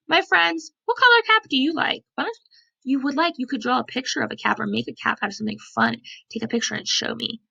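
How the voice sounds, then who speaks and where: Animated woman reading a storybook to kids. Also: on the high side, a little fast, gravelly. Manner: animated, asks the children questions. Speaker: preschool teacher. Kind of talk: reading a picture book aloud to children. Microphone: computer mic. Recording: lo-fi computer recording.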